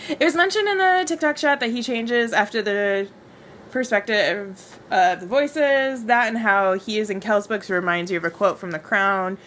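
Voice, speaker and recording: A woman's voice: mid-range voice, moderate pace, a bit bright, a little hiss or hum. A young woman hosting a casual livestream book club into a wireless mic, reading out viewer comments and gushing, often repeating her phrases. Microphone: wireless microphone.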